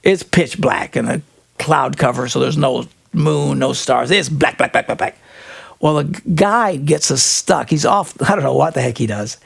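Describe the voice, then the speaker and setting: A man hosting an advice talk show, telling a comic story in an animated way and laughing often mid-sentence. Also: medium pitch, normal speed, gravelly, slightly rough. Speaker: radio show host. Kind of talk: comedic relationship advice talk.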